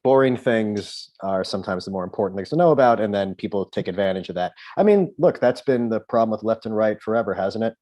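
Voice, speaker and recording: Deep-voiced, offhand comedy writer. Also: male voice, expressive, quick pace, few pauses, a little mellow. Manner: sarcastic, offhand, low-key. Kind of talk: casual chat.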